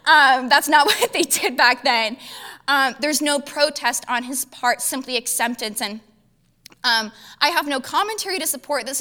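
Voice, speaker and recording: A woman preacher teaching a Bible passage in a lively, conversational, humorous way. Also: high-pitched.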